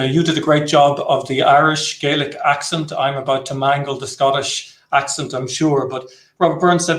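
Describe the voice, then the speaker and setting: A man with a courteous, appreciative manner, putting formal interview questions to a guest. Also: mid-range voice. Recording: echoey room.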